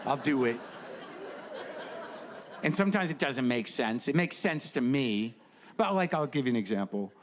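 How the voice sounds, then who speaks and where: A man's voice: mid-range voice, expressive, moderate pace, long pauses, crowd noise, background noise. A man performing a stand-up routine on stage, rambling with sardonic asides and a ranting delivery. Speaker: stand-up comedian. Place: comedy stage before a live audience. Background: faint audience laughter and ambience.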